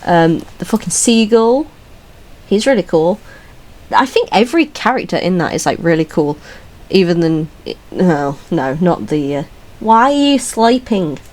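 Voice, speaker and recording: A young British woman hosting a casual ranking video, talking in a scattered, swearing, laughing way and now and then breaking into squeaky voice stims. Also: a little mellow, poor audio. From Britain. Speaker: video host. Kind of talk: casual solo ranking chat.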